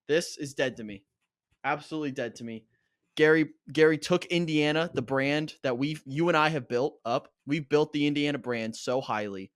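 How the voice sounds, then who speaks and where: A young man co-hosting a casual reaction podcast, talking in an animated, fired-up rant. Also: a little high, normal speed, clear, resonant tone, no echo, clean studio sound. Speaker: podcast co-host.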